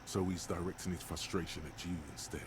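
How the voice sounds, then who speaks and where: A man voicing a very deep wry game narrator. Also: little pitch movement, fast, slight background noise, lightly acted. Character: deep-voiced male inner narrator, wry. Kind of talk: scripted video game narration.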